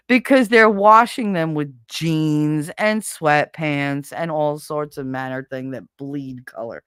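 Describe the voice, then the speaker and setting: A middle-aged woman with a fairly low voice, talking in a blunt, exasperated rant full of swearing. She speaks close to the mic in a dry, dead room, like a casual livestream host chatting to viewers. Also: normal speed, fairly bright tone, clear, resonant tone, dry recording. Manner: blunt, profane, exasperated ranting. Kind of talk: casual venting monologue.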